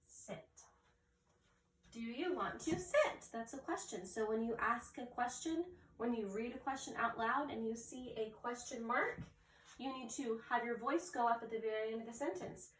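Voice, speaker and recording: A woman teacher giving an early reading lesson, sounding out and spelling words slowly and carefully. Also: on the high side, fairly bright tone. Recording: echoey room, mic at a distance.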